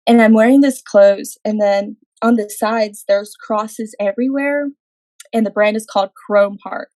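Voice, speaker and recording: A woman's voice: medium pitch, unhurried, a little mellow, dry recording, rough recording. A young adult woman, a podcast guest, telling a personal faith testimony in an earnest way, acting out her own quoted words.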